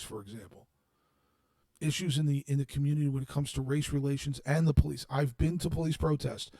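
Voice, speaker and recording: A man in his forties speaking in an unscripted monologue to his audience, blunt and heavily profane, moving between quiet reflection and shouted anger. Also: medium pitch, creaky, no echo, studio quality. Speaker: streamer addressing his audience.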